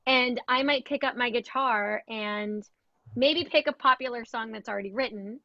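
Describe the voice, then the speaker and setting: A woman's voice: a little high, normal speed, gravelly, pushed and bright, dry recording. A young adult woman, a guest music therapist, explaining her methods in a casual interview, full of "like" and "um". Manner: explanatory, fillers like "like" and "um". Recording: dry, dull lo-fi sound.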